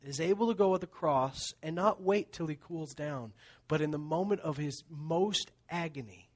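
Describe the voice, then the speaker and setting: Animated preaching man, fairly high voice. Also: moderate pace. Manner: animated storytelling, laughing, then dropping to hushed tones. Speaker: pastor. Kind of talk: sermon.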